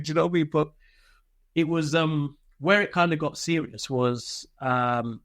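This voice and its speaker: A man's voice: a little high, steady tone, normal speed, fairly bright tone, dry recording. A man, telling candid stories from army life as an interview guest, swearing freely and laughing through them. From Britain. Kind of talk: casual interview storytelling.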